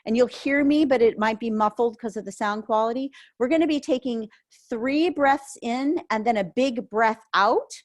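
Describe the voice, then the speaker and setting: A woman leading an online grief yoga session, giving soft, gentle guidance through a headset mic. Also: fairly high pitch, normal speed.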